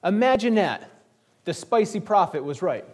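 A man's voice: high voice, lively intonation, moderate pace, a little mellow. A man preaching a sermon, retelling a scripture story with wry sarcasm and acting out the characters' lines.

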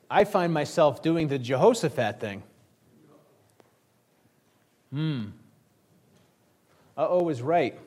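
Male preacher, high voice, sarcastic storyteller who acts out the scripture characters. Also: a little mellow. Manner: wry, sarcastic, acts out the kings' lines. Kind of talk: sermon retelling scripture.

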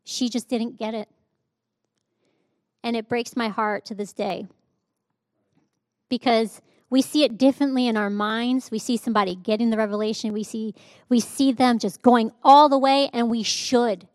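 A woman in her thirties delivers a sermon built around a personal story, speaking candidly and often laughing at herself. Her voice sits a bit high, and the recording is dry and close with no room sound. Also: steady tone, normal speed, dry recording. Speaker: preacher. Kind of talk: sermon testimony.

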